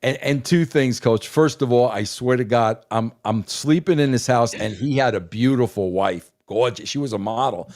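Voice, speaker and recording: A man telling a story on a talk podcast, excitable and emphatic, always addressing the host as "bro". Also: medium pitch. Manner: excitable, swears for emphasis, keeps saying "bro". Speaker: guest.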